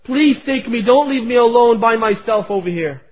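A man's voice: extremely high pitch, moderate pace, a little hiss or hum, pitched above the performer's own voice. A man voicing a sick little girl who tearfully pleads with her father not to leave her. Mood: pleading. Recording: tinny phone-like recording.

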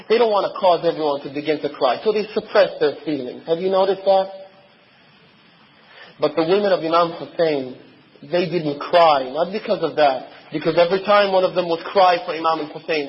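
A man's voice: high voice, lo-fi sound, slight background noise. A man preaching a sermon, telling a story with strong emotion and breaking into chanted lament.

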